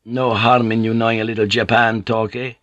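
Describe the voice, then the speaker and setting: A man voicing a steady, curious ship pilot who speaks calmly and plainly in a storybook reading. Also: on the low side, brisk, dry recording, lo-fi sound, close to an everyday voice.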